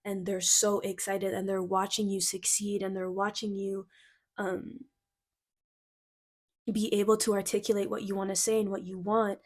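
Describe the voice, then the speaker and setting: A woman's voice: mid-range voice, moderate pace. Young woman doing a chatty tarot reading, giggly and gushy, says like a lot, kinda flustered, medium voice. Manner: excitable and giggly, lots of "like" fillers; gushing, slightly flustered. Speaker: tarot card reader. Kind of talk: casual intuitive card reading.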